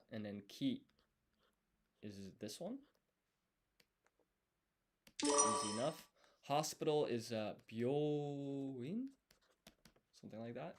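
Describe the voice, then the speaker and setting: A man studying on a live stream, thinking aloud as he writes and explaining each step in a deliberate, self-correcting way. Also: mid-range voice. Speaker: language learner streaming his study.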